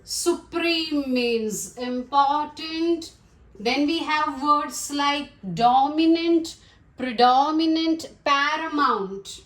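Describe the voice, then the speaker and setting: Slow, high-voiced woman teaching vocabulary. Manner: slow, deliberate word-by-word listing. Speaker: English teacher. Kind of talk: vocabulary lesson. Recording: echoey room.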